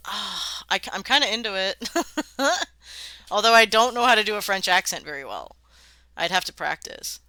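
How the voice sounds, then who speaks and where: A woman's voice: medium pitch, expressive, normal speed, pushed and bright, dry recording. A woman streaming live, chatting casually and swearing freely as she worldbuilds and sounds out words, laughing often.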